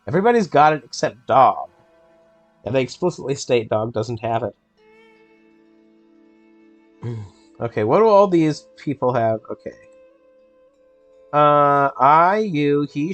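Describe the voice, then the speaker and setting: A man hosting a casual game let's play, reading in-game texts aloud and puzzling over them with a playful, thinking-out-loud manner. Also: mid-range voice, dry recording. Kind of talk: casual gameplay commentary.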